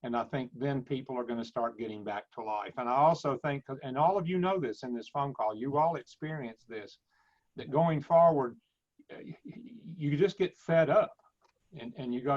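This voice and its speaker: A man giving measured opinions on a casual industry call. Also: mid-range voice. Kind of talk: casual chat. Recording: dull lo-fi phone call.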